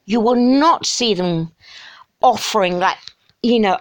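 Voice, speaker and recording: A woman's voice: mid-range voice, a little slow. A middle-aged woman delivering an emotional, exasperated rant to camera, with sighs and mocking asides. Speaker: vlogger.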